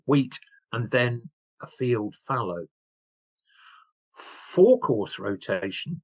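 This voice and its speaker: Speaking at a medium pitch, this man is an author and guest whose history talk comes as eager storytelling full of restarts and tangents. The recording is low in quality but has no echo.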